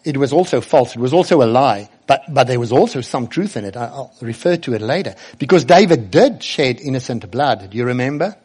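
A man's voice: medium pitch, expressive, fairly quick, few pauses, a little mellow, slightly rough. Earnest male preacher. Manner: earnest, asks the children questions directly. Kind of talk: sermon.

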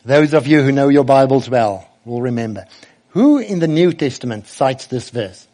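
A man's voice: medium pitch, expressive, normal speed, mellow. Earnest male preacher. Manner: earnest, asks the children questions directly. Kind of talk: sermon.

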